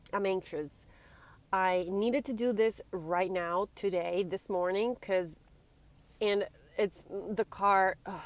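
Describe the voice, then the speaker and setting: A young woman from Italy rambles anxiously in a casual vlog, teary-eyed and often breaking off mid-sentence to interrupt herself. Her voice is on the low side and a little mellow.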